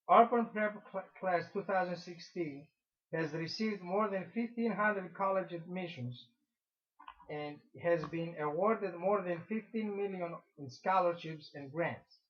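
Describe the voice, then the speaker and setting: A man's voice: high voice, a bit bright. A man co-hosting a casual radio chat, telling long rambling jokes and stumbling over his words. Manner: rambling, halting joke-teller. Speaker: co-host. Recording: dull lo-fi recording.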